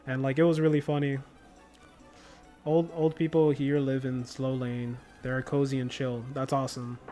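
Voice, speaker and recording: A man's voice: medium pitch, flat delivery, normal speed, warm tone, soft background music. A young man livestreaming a game, chatting casually and telling stories in a laid-back way with slang. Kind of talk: casual chat while gaming.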